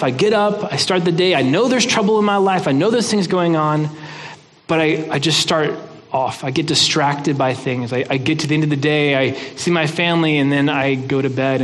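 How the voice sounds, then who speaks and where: A man's voice: a little high, long reverb tail. A man giving a sermon in an earnest, conversational way, often restarting his words. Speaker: pastor.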